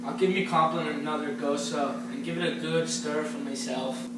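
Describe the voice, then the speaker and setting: Man doing fretful old mother, plaintive, needling, fairly high, echoey room, far off. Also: steady tone, normal speed, noisy background, natural voice. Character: frail, whiny old Irish mother. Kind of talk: amateur stage-play acting.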